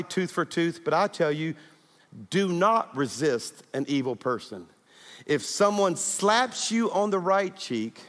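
A middle-aged man preaching a sermon as a pastor, animated and exhorting his congregation, telling stories and calling out to the crowd. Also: on the high side. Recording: reverberant hall.

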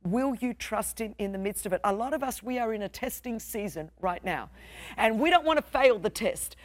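A woman's voice: fairly high pitch, lively intonation, moderate pace, dry recording. A young adult woman with an Australian accent, preaching a sermon as pastor with a passionate, emphatic, repetitive cadence.

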